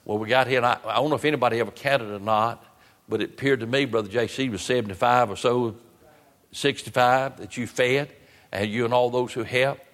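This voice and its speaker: Male pastor, mid-pitched voice, sermon with repeated rhetorical questions, long hall reverb. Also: fairly even intonation, a bit bright. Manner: repetitive rhetorical questions, drawn-out emphasis. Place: church.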